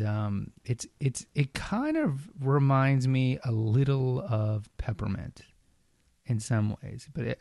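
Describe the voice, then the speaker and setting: A man's voice: medium pitch, gravelly, dark tone, no echo, clean studio sound. A man hosting a solo podcast, talking casually with rambling asides and self-corrections. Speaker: podcast host.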